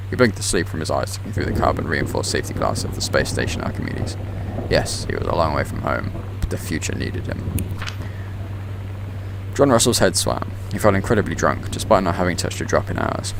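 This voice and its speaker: Man, game stream commentary, deep voice, gravelly, faint background hiss. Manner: dry, reads documents aloud in a plain tone. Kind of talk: game playthrough commentary and reading aloud.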